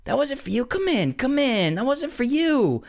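A man putting on an impression of a famous older actor, pitched far above his own voice and pleading. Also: big pitch swings, moderate pace, darkish tone, full character voice. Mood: coaxing. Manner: high, pleading, coaxing.

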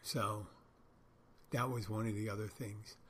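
A middle-aged man who hosts a podcast and works as a bartender tells rambling stories in a casual monologue, wry and often correcting himself. His voice is fairly low-pitched, steady, unhurried, and a bit bright, with a little hiss or hum in the recording.

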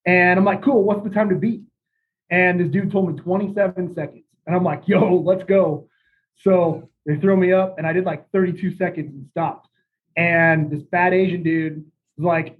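A man's voice: high-pitched, steady tone, moderate pace. A young man telling a rambling party story in a laid-back, chuckling way. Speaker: podcast guest. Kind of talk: casual storytelling. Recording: tinny phone-like audio.

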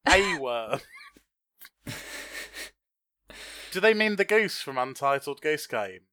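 A man's voice: a little high, big pitch swings, takes it slowly, bright, forceful tone, no echo. A man co-hosting a podcast, trading dry jokes in casual banter. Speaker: podcast co-host. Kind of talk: casual chat.

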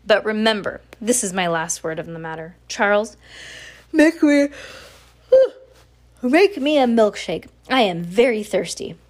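A woman's voice: medium pitch, expressive, a little slow, voice pushed up, lightly acted. A woman reading aloud, voicing a grumpy, demanding male mill boss who talks curtly. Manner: curt and bossy.

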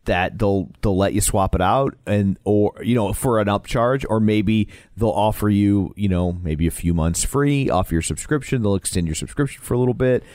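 A man's voice: on the low side, moderate pace, hardly any pauses, a little mellow, no room sound, studio quality. A man co-hosting a podcast in casual chat, playful and agreeable, with joking banter. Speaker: podcast co-host.

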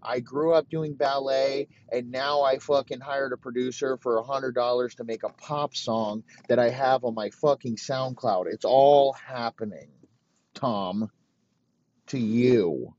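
A man's voice: medium pitch, unhurried, a little mellow, dull audio, pitched above the performer's own voice, close to an everyday voice. A man voicing a smug, preachy male league boss who lectures a star player with mocking profanity. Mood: smug lecturing.

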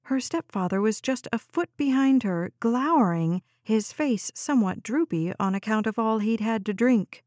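A woman reading a novel aloud as an audiobook narrator, in calm and measured scripted narration. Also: on the high side, no room sound, studio quality.

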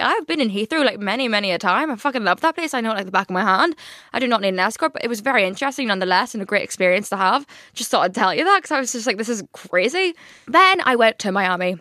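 A young woman hosting a podcast, telling stories in a chatty, rambling way full of fillers and lively quoted asides. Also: medium pitch, dry recording, studio quality. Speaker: podcast host. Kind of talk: casual chat.

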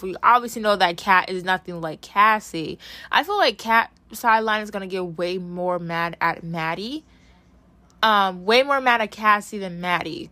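A young woman casually recapping a TV episode, chatty and animated, full of fillers, acting out what characters said. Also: medium pitch, no room sound. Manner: animated gossip, lots of "like", acts out characters' lines. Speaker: TV recap vlogger.

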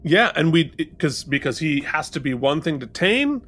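Lively, bright-voiced man recapping a show. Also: a little high, normal speed, slight background noise. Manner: animated, recapping scenes with quoted lines. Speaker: podcast co-host. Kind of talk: casual chat.

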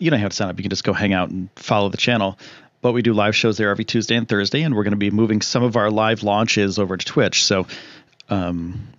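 A man hosting a casual live stream, excitable and rambling with lots of fillers while he reads chat. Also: fairly low pitch, dry recording, muffled recording. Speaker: livestream host.

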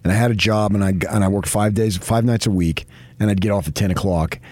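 A man's voice: lowish voice, steady tone, fast talker, darkish tone, no room sound. A man hosting a morning sports radio show in a studio, talking with effusive, emphatic praise. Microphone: studio microphone.

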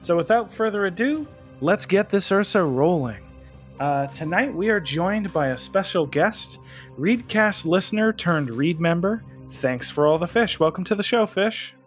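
Higher-voiced male podcast host. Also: normal speed, faint music behind. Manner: relaxed, hesitant with many fillers. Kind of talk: casual podcast chat.

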